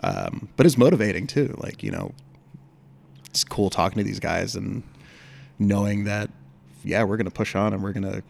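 A man with a fairly low voice and a gravelly edge talks casually as a podcast guest. He is friendly and chatty, nodding along with quick replies. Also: animated, a little hiss or hum. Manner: friendly, backchannels a lot, fillers. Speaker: podcast guest, brewery founder. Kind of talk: casual chat.

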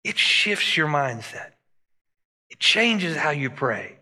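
A man preaching a sermon as pastor, animated and rising and dropping his voice for emphasis. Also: on the high side, slow. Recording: long hall reverb.

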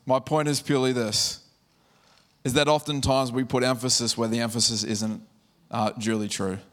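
A man's voice: medium pitch, flat delivery, normal speed, a bit bright. Man preaching in a conversational way. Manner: conversational preaching with scripture reading. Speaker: pastor. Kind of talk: sermon.

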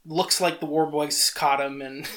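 A podcast co-host talking in a relaxed, casual way, agreeing often and sharing movie easter eggs. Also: mid-range voice. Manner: laid-back, quick agreeing, occasional swearing. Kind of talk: casual chat.

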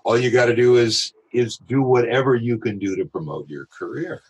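A male voiceover artist telling a lively anecdote in an interview, with a husky voice. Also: medium pitch, moderate pace, low-quality recording. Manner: animated anecdotal storytelling. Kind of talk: storytelling in an interview.

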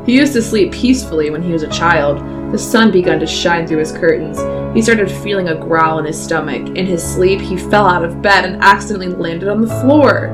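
Woman, slightly low voice, giggly, reads a story aloud, music behind. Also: brisk, few pauses. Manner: giggly, laughs often while reading. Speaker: podcast co-host reading a story aloud. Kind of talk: casual chat with dramatic reading.

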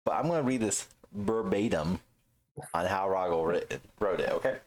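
Man, very low voice, blunt teasing podcast co-host, casual swearing chat. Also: animated, moderate pace.

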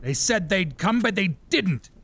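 An actor playing a paranoid, raging king in an audio drama, erratic and shouting. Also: high-pitched, very animated, measured pace, dry recording, full character voice. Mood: manic.

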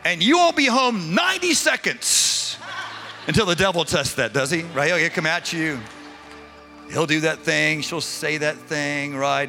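Man, pastor, sermon, call-and-response, slightly high voice, music underneath. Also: a little slow, gravelly. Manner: energetic, leads the congregation in call-and-response; drops to a quiet, intimate prayer tone.

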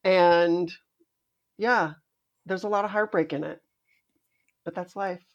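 A podcast co-host chatting casually about a TV series, animated and rambling, with playful asides. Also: medium pitch, slow pace, lo-fi sound.

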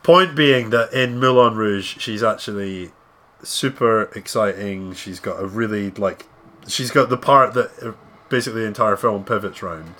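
A man co-hosting a casual podcast chat, trading dry, deadpan quips. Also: on the low side, normal speed. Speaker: podcast co-host.

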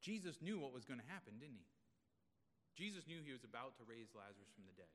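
A man's voice: medium pitch, expressive, fast, a little hiss or hum. A male pastor giving an expository sermon in a conversational way, asking the congregation rhetorical questions. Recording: long reverb of a large room.

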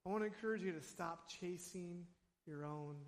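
A man pastor giving a sermon in a church, talking in an animated, conversational way with casual asides. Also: sits high, moderate pace. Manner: conversational, animated preaching with asides and acted quotes. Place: church sanctuary. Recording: long hall reverb.

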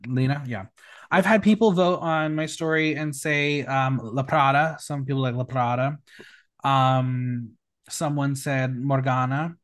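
A man's voice: medium pitch, steady tone, measured pace, fairly bright tone. A man hosting a recap podcast, reading a script in a sassy, teasing way and bantering with his guest. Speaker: podcast host.

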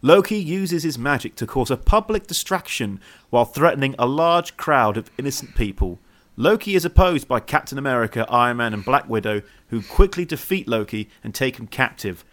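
A man co-hosting a podcast in casual chat, tossing in jokes and quick asides. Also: mid-range voice, lively intonation. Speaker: podcast co-host.

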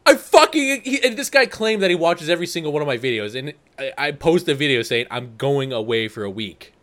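A man in a casual group chat who tells stories with animated energy and swears freely. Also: medium pitch, brisk. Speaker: video creator guest.

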